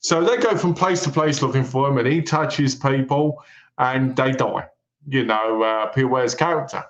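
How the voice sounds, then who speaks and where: A man's voice: mid-range voice, normal speed. A man, co-host of a film podcast, animatedly retelling a movie plot in casual chat and quoting its characters. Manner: animated storyteller, retells plots with quoted lines. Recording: roomy echo.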